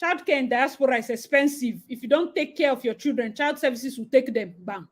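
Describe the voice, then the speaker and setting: A Nigerian woman hosting a livestream, reading viewer comments and talking about life abroad with loud exclamations and Pidgin phrases. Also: high voice, fairly quick. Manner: expressive, exclamatory, mixes Pidgin into talk. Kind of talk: animated livestream chat.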